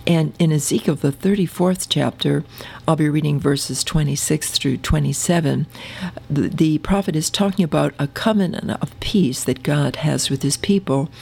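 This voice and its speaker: Woman preacher, low gravelly voice, earnest, slows for scripture. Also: darkish tone. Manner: earnest, slows for scripture, addresses listeners as beloved. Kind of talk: sermon with scripture reading.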